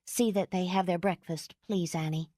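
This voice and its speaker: A woman voicing an exhausted, gentle young mother who speaks in a calm, earnest way. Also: on the low side, normal speed, no echo, clean studio sound, close to an everyday voice. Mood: hurried.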